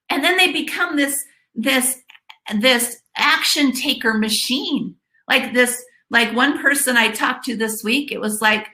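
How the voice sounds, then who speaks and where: A woman's voice: fairly high pitch, measured pace, pushed and bright, reverberant, poor audio. A woman life coach giving a motivational webinar talk, earnestly repeating key phrases for emphasis.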